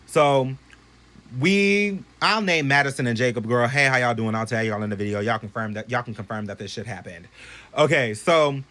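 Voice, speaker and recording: A young man casually telling a story to his phone camera at home, animated and profane, swinging from loud bursts to hushed asides. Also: medium pitch, normal speed. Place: bedroom at home.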